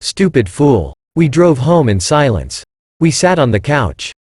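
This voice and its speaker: A man narrating a scripted first-person story in an even, unhurried reading manner. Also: a little high, slightly rough, no echo, clean studio sound.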